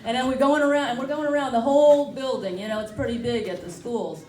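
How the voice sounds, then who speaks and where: Brief: woman comic, rambling and self-mocking, higher voice, recorded from a distance in a roomy bar. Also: quick pace, dark tone, a little hiss or hum. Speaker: stand-up comic. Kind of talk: stand-up comedy set. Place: brewery comedy night. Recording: echoey room, from far off.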